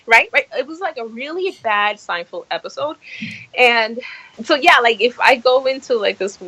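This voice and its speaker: A middle-aged woman hosting a casual podcast chat, telling stories with lively acted-out quotes. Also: sits high, moderate pace, slightly rough, no room sound, rough recording. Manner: animated storyteller, acts out quotes. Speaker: podcast host.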